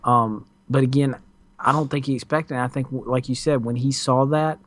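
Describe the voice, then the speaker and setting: A man's voice: medium pitch, steady tone, moderate pace. A man co-hosting a casual recap chat, talking in a laid-back, rambling way with plenty of fillers. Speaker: podcast co-host.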